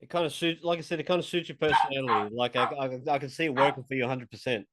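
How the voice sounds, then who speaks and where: A man's voice: mid-range voice, racing, very noisy. A man hosting a casual chat, joking and swearing with short reactions. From Australia. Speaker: host.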